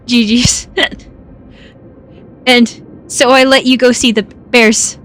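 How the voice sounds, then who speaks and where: A woman's voice: fairly high pitch, steady tone, extremely slow, a bit bright. Giggly woman streamer with hiccups. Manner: giggly, laughs often between lines. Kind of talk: casual live-stream chat while gaming.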